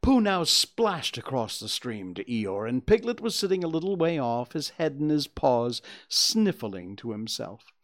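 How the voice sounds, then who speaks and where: A man narrating a storybook in a gentle storytelling manner. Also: mid-range voice, very animated, measured pace, few pauses. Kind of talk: storybook reading.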